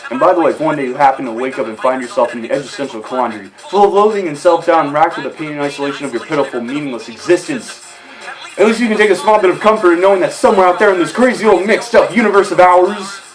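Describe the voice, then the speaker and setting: A man singing a fast, rambling comic story-song cover over a backing track, frantic, with sudden shouted bursts. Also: fairly high pitch. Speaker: amateur singer covering a comedy song. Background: faint backing music.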